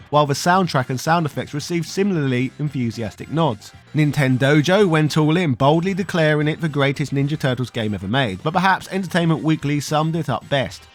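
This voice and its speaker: A man with a slightly raised voice narrates a scripted video game documentary. His delivery is playful and punchy, full of wry asides, with soft music running quietly underneath. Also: a little high.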